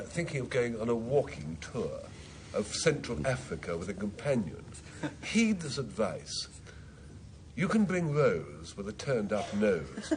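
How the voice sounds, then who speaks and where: A man's voice: medium pitch, a little hiss or hum. A man, a team captain on a panel word game, talking in a wry, anecdotal storytelling way.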